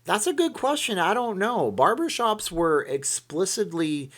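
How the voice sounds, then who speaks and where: A man's voice: sits high, sing-song, unhurried, fairly bright tone. A man hosting a casual live stream, rambling as he reads viewer comments aloud and answers them.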